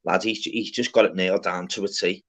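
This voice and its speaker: Low-pitched and brisk, this male host keeps a fairly flat intonation while casually bantering with slang and curse words on an open-panel live stream. The audio is lo-fi and dull.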